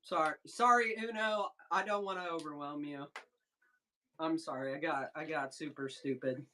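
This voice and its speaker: A woman hosting a casual live sales stream, chatting excitedly with viewers and reading their comments aloud. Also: low voice, moderate pace, slight background noise. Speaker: livestream seller host. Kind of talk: casual livestream chat with viewers.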